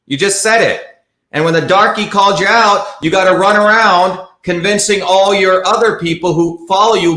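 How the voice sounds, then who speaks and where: A man's voice: sits high, bright, forceful tone. Combative man hosting a heated livestream. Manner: combative, repetitive, blunt. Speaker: livestream host. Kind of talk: heated live commentary. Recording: echoey room.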